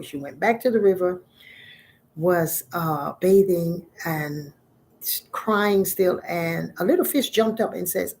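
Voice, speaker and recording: A middle-aged woman, a spiritual teacher, telling a folk myth in a conversational, expressive way. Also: fairly low pitch, slow, a little hiss or hum.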